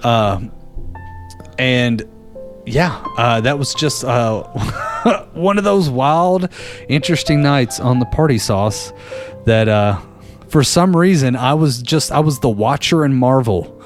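A man animated caller telling a wild story. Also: medium pitch, takes it slowly, faint music behind. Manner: animated, laughs often, acts out others' lines. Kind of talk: casual storytelling. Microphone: phone call-in.

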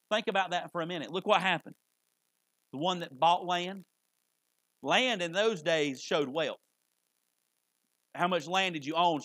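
A man's voice: high voice, pushed and bright, no room sound. A male preacher delivering a folksy sermon, often repeating words as he restarts. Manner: folksy, repetitive, stammers on restarts.

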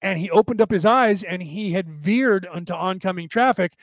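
A man's voice: high voice, normal speed, no echo. A man casually telling stories and explaining ideas to viewers, rambling and often checking in with "right?". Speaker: spiritual talk host answering viewers.

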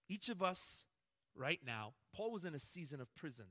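A man preaching a sermon as pastor, animated, swinging between loud emphatic lines and hushed ones. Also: a little high, normal speed.

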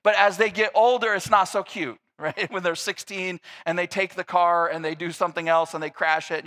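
Guy preaching, jokey retelling w/ silly voices for the characters, bright tone. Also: sits high, quick pace, few pauses. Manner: animated, acts out scripture characters in a mocking voice. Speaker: pastor. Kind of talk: sermon.

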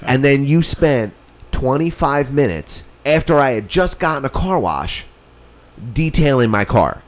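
A man's voice: medium pitch, big pitch swings, a little slow. Profane storytelling man. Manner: profane storytelling, mimics others' voices. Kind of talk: casual chat.

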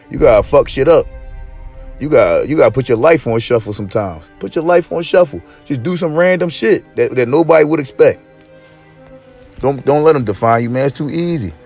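A man's voice: mid-range voice, darkish tone. A man hosting a podcast, ranting in casual slang with lots of swearing and stop-start restarts. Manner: profane, rambling, with frequent restarts; preachy street-slang delivery. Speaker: podcast host.

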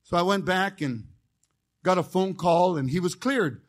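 A man preaching a fiery sermon as a chaplain, telling folksy stories with jokes and rising into shouted call-and-response. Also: high voice, measured pace. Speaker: chaplain preaching as guest speaker.

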